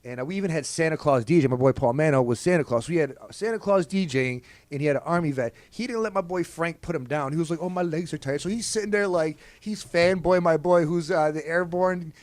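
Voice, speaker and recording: A man's voice: on the high side, fast, hardly any pauses, no echo. A man co-hosting a casual talk radio show, laid-back and slangy.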